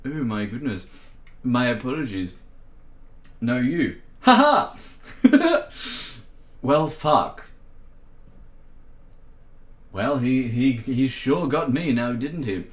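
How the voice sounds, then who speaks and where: A man's voice: mid-range voice, animated, slow pace, long pauses. A man with an Irish accent chatting playfully on a music livestream, giggling and laughing often. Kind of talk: casual livestream chat. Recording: roomy echo.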